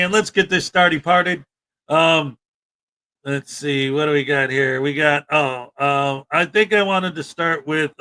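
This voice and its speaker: A man with a bright, forceful voice pitched a little high hosts a casual live stream. He rambles loosely from one thought to the next, laughs often and lets his sentences trail off. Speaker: host.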